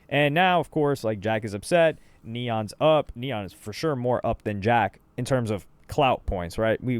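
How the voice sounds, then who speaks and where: A man's voice: medium pitch, dry recording. Slangy young man, dry close sound. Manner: loose storytelling with slang and asides. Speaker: co-host reacting to streamer clips. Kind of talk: casual reaction commentary.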